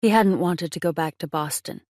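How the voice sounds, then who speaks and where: A woman narrating a romance audiobook in a measured, expressive reading on a close mic. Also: fairly low pitch, no room sound.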